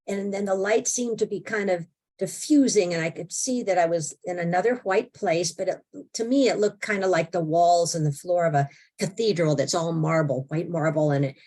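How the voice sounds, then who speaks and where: An older woman, an interview guest, telling a personal story in an animated, expressive way and acting out her own thoughts. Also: lowish voice, normal speed.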